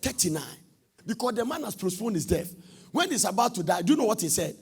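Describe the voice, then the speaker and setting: A man with a Ghanaian accent preaching a sermon with fervor, shouting and half-singing his lines and swinging his pitch widely. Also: big pitch swings, fast, creaky, husky. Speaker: prophet preaching.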